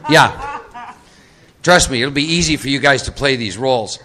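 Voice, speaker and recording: A middle-aged man from Texas, USA, speaks at a moderate pace in a mid-range voice over a noisy crowd. Leading a live recovery workshop, he coaches audience volunteers into roles and emphatically repeats key points.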